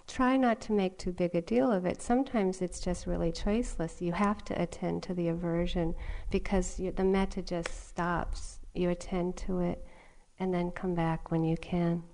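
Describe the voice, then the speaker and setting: A middle-aged woman teaching meditation in a dharma talk, her voice a touch low. She speaks gently, breaks into soft laughter and drifts into storytelling. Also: fairly even intonation, moderate pace. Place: retreat meditation hall.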